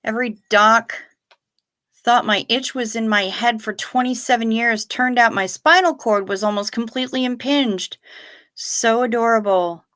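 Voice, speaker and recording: In a slightly high, fairly bright voice at a normal speed, a middle-aged woman reads viewer comments on her livestream. The talk stays casual, peppered with dry, sardonic asides.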